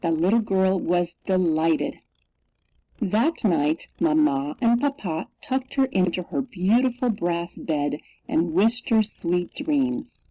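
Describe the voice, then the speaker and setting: Woman storybook reader, lively pitch, slightly raised voice, dry close sound. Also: no echo. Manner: slow, expressive storytelling. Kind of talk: reading a picture book aloud. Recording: dull lo-fi recording.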